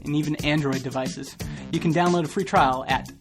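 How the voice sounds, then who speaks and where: A man's voice: fairly high pitch, fairly even intonation, brisk, over music. A man from Canada hosting a podcast, chatting casually and laughing often between rambling sentences. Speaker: podcast host.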